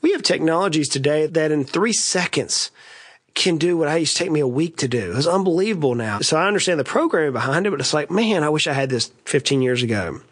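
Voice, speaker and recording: A man's voice: fairly high pitch, expressive, fast talker, slightly rough. A middle-aged man from East Tennessee, hosting a conversational business lesson with folksy, joking asides. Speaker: podcast host and financial advisor.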